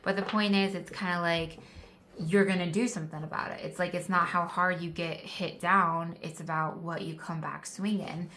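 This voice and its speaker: A woman reads tarot cards casually in an indoor room with a candle, recording on a phone camera. Her lowish voice has a sharp tone, fairly even intonation, and a moderate pace, and she stays chatty and encouraging with many "like" fillers.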